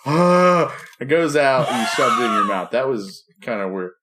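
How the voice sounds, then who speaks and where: A man's voice: mid-range voice, fairly quick, very noisy. A man co-hosting a casual podcast over a call, rambling and joking, often trailing off mid-sentence. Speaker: podcast co-host. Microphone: remote video call.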